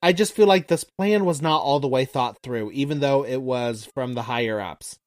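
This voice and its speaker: A man with a mid-range voice chats as a podcast co-host, commenting in a relaxed, thoughtful way. He sounds like he is simply talking things over with a friend. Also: medium pitch, moderate pace. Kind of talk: casual podcast chat.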